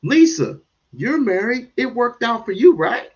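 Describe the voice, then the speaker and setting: A man hosting a livestream, ranting in commentary with sudden loud bursts and chuckles. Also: extremely high pitch, big pitch swings, unhurried, slightly rough, lo-fi sound. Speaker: streamer host.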